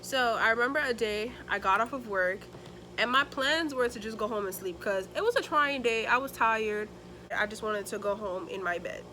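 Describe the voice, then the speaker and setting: Chatty young woman with a bright voice. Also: fairly high pitch, normal speed, a little hiss or hum. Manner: chatty and animated, acts out the people in her story. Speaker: beauty vlogger. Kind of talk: casual storytime while doing makeup.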